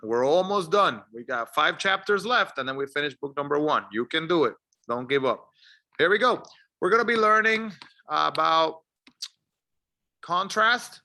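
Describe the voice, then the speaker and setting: A man teaching an English lesson, encouraging and drilling words clearly for learners to repeat. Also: fairly high pitch, bright, forceful tone. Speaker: ESL teacher. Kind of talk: slow, deliberate English lesson.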